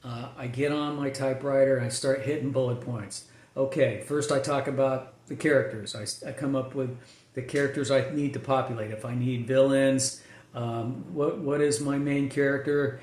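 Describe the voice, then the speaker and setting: A man's voice: medium pitch, steady tone, moderate pace, a little mellow. A male screenwriter talking casually about his writing process, rambling with lots of fillers and restarts. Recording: echoey room.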